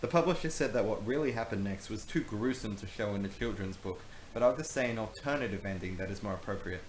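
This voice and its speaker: A man's voice: on the low side, fast talker. A man reading aloud from his old book with casual, wry, self-mocking commentary. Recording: echoey room with faint hiss.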